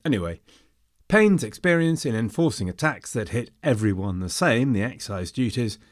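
A man's voice: mid-range voice, expressive, moderate pace, no room sound, studio quality. A man narrating a history episode from a script, dropping in wry, jokey asides.

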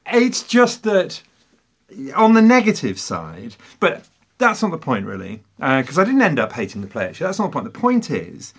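Animated, theatrical man. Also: on the high side, moderate pace, gravelly, husky. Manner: theatrical, emphatic, teasing. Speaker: podcast co-host. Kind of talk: casual film discussion.

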